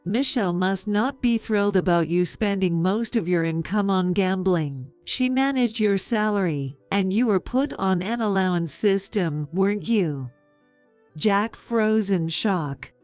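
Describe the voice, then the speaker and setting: Slow, smooth woman narrating a story. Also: medium pitch, no room sound, faint music behind. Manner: calm, measured, sarcastic.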